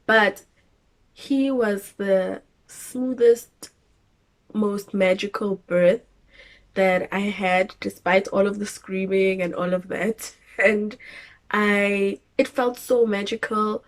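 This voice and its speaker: A young South African woman casually telling her birth story, animated and laughing as she acts out moments. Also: medium pitch, slow. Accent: South African English.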